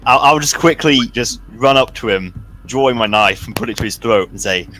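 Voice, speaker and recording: A man's voice: mid-range voice, normal speed, sharp tone, faint music behind, rough recording. A man playing in a tabletop game, describing his character's actions casually with lots of hedging. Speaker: player. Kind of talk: tabletop role-play.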